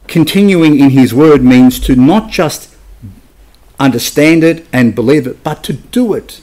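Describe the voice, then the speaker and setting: A man with a fairly high voice preaches a sermon in a church. He presses his points hard and keeps asking the congregation rhetorical questions. He often checks in with them as he goes. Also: lively intonation, a little slow, a little mellow. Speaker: pastor.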